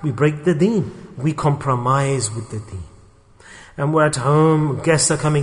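A fairly high-voiced man preaches a sermon to a gathering. He tells a parable and voices the mocking onlookers with a rising, animated pitch. His voice rings out with long hall reverb. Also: normal speed. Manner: storytelling, acting out quoted people with rising pitch.

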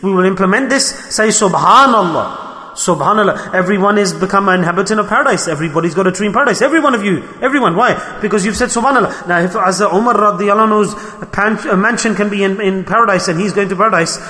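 Fast, bright-voiced male preacher in echoing hall. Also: high-pitched. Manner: rhetorical questions, acts out complaining voices. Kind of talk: sermon.

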